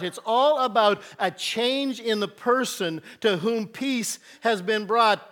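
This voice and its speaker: Man, high-pitched, pastor, sermon, earnest storyteller, soft and loud turns. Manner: earnest, storytelling, varies volume for emphasis.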